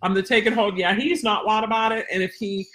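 A woman's voice: mid-range voice, steady tone, a little fast, a bit bright. A woman dog trainer teaching a casual live webinar, chatty and rambling with lots of fillers.

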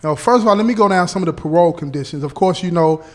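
A man's voice: sits high, natural voice. A man playing a patient parole officer. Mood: explaining. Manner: slow, deliberate, keeps checking with "okay?" and "right?". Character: patient male parole officer briefing a relative.

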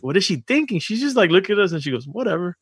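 A man in casual chat, joking and expressive. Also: high voice, racing, breathy edge, no room sound, studio quality. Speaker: father, co-host.

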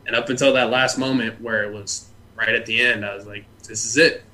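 A man's voice: lowish voice, fairly even intonation, fairly quick, bright, forceful tone. A young man from California, a podcast guest telling rambling stories with a joking streak. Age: young adult. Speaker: podcast guest, former haunt scare actor. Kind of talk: casual podcast interview.

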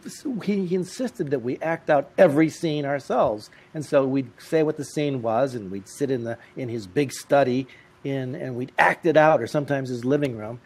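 A man telling lively, comic anecdotes as an interview guest. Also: mid-range voice, moderate pace. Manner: lively, animated, comic timing. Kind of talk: anecdotal storytelling.

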